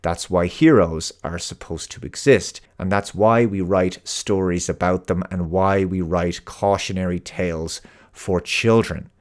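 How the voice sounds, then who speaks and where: A man's voice: low voice, fairly even intonation, unhurried. An Irish man hosting his own show, delivering an earnest, emphatic opinion monologue. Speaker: host.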